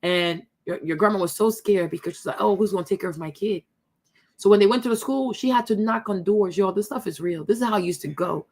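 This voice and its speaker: Speaking fast with few pauses, the young Ivorian host has a medium-pitched, slightly mellow voice. She chats with her channel's viewers as she tells a story, addressing them as y'all and tacking "right?" onto her lines again and again.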